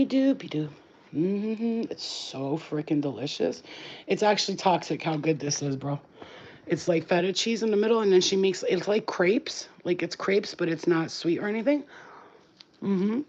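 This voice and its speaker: A woman's voice: lowish voice, lively intonation, moderate pace, a little mellow, slight background noise. Earnest woman on a muffled phone. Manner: earnest, emphatic, repeats blessings. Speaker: spiritual healer vlogger. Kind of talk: casual spoken message to spirits.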